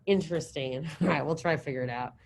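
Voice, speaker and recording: A middle-aged woman teaching a high school Spanish class, leading drills in a chatty, encouraging way. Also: fast talker, vocal fry, slight background noise, low-quality recording. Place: classroom with students present and online.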